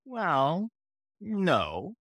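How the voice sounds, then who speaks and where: Unhurried, animated man. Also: high-pitched, no room sound. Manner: animated, exasperated, playful. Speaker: podcast co-host. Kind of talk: scripted comedy banter.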